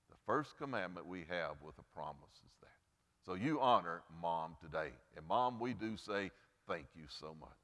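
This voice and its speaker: An expressive male pastor, speaking at moderate pace in a fairly bright voice, preaches earnestly for Mother's Day in a big-sounding church sanctuary. He varies pitch and volume to stress his points and finishes by praying.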